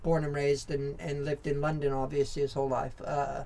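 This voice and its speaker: A man in his forties with an American accent talks through his memories as a podcast guest. His voice sits a little higher than most men's. He tells it candidly and in loose rambling runs, full of fillers, restarts and casual swearing. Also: little pitch movement, moderate pace, vocal fry, a little mellow. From Southern California, USA. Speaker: podcast guest, former motorcycle racer. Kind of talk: casual storytelling interview.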